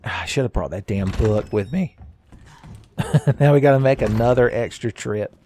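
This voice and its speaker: A man giving casual, joking commentary while playing a game, his voice a little raspy today and often breaking into laughs at his own asides. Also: medium pitch, moderate pace, warm tone, slight background noise. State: slightly raspy voice. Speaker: gaming commentator. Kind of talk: casual let's-play commentary.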